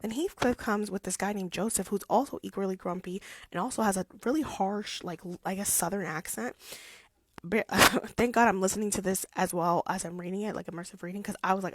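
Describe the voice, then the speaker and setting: A young woman vlogger chatting casually about a classic novel, playful and animated, slipping into quick character voices. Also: mid-range voice, noisy background. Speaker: book vlogger. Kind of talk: casual chat.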